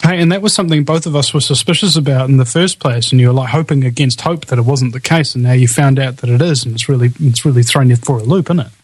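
A man's voice: medium pitch, fast, hardly any pauses, breathy edge, no echo, poor audio. A man hosting a casual online show, rambling with many restarts. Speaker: show host.

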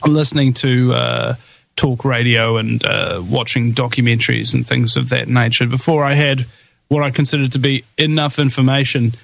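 Emphatic New radio host. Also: male voice, medium pitch, fairly even intonation, creaky, fairly bright tone, no room sound. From New Zealand. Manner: halting, many fillers and restarts, rising to emphatic preaching. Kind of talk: impassioned political talk.

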